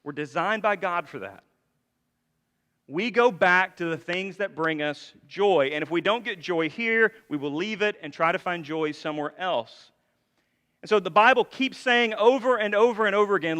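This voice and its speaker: A man's voice: high voice, moderate pace, sharp tone. Man preaching in a reverberant sanctuary. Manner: conversational preaching with frequent rhetorical questions. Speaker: pastor. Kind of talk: sermon. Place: church sanctuary.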